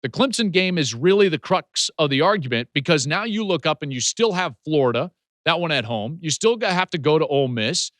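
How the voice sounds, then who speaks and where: Animated, emphatic American podcast host. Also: male voice, a little high, dry recording, studio quality. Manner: emphatic, punchy delivery with repeated rhetorical questions. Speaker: podcast host and football analyst. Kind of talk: solo sports analysis podcast.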